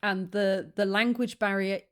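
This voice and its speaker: A woman hosting a reaction video, speaking casually and frankly. Her pitch sits in a middle range. She laughs easily between comments. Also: steady tone, measured pace. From abroad, lives in Rwanda since 2007. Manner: frank, chatty, laughs often.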